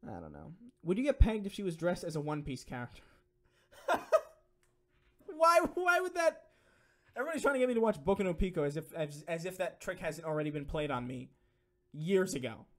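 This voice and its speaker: A young man chatting on a live stream, reading out viewer donations and answering questions. He rambles, swears freely and leans on fillers, in a voice sitting slightly high. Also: big pitch swings, fast talker, a little mellow.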